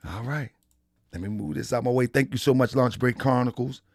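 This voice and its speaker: A man's voice: mid-range voice, a little fast, no room sound, clean studio sound. A man hosting a live stream in a casual, repetitive style, talking straight to his chat. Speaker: live-stream show host.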